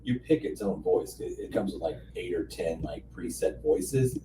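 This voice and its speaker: Deep-voiced man on a distant, roomy mic. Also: animated, mellow, a little hiss or hum. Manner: hesitant, halting with fillers. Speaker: podcast co-host. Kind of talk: casual chat.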